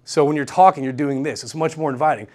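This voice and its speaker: A young man giving an energetic workshop lecture in a classroom, repeating key points and checking in with the room. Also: fairly high pitch, fast. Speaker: guest lecturer. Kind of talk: university workshop talk.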